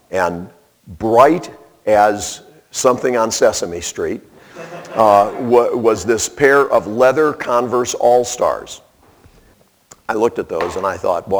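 Gravelly man telling a story. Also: lowish voice. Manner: animated, self-deprecating storytelling. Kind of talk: storytelling sermon.

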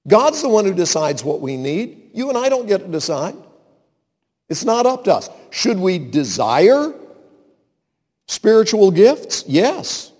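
A man's voice: high voice, big pitch swings, measured pace, a little mellow, breathy edge, in a large hall. A man, a pastor, preaching a sermon with an earnest, conversational delivery and humorous asides.

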